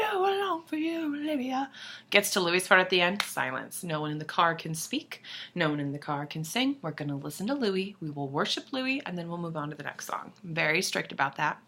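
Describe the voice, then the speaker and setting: A young woman talks to her camera in a loose, gushing vlog, her voice bright and forceful though pitched a little low. She swears freely, drops to sudden whispers and breaks into squeals when she gets worked up. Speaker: vlogger. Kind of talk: casual chat to camera.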